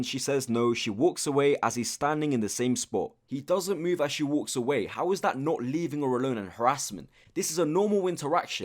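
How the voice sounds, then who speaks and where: A man ranting and mocking in an angry, foul-mouthed commentary video. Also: mid-range voice. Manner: ranting, mocking, swears a lot. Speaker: commentary YouTuber.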